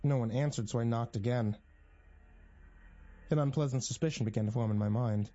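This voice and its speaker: A man narrating a first-person horror story in a tense, measured way. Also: mid-range voice, warm tone, dull audio.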